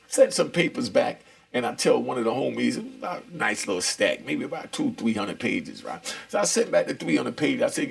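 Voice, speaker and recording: Gravelly streetwise man telling stories. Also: lowish voice. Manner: laid-back, streetwise slang, lots of asides. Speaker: storyteller recounting prison life. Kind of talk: casual storytelling.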